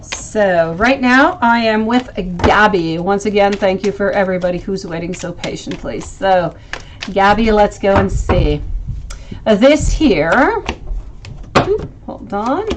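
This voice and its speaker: A woman's voice: mid-range voice, lively intonation, unhurried, noisy background. A woman hosting a live tarot reading stream, talking to viewers and calling them sweetie as she reads the cards. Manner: affectionate, calls viewers sweetie, thinks aloud. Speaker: tarot reader, livestream host.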